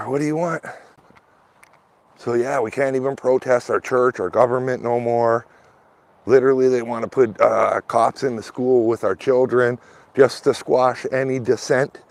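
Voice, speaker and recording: A man's voice: medium pitch, fairly even intonation, normal speed. A man in a rambling, casual vlog talk, full of "like" and "man", speaking outdoors while walking his dog. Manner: loose and rambling, peppered with "like" and "man". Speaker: vlogger. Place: outdoors, walking a dog through a small town.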